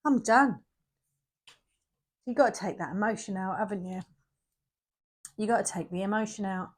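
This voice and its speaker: This tarot reader is a middle-aged woman whose mid-range, slightly mellow voice moves fairly quickly with fairly even intonation. Her casual reading is chatty and emphatic, full of repetition for effect and sudden bursts of energy.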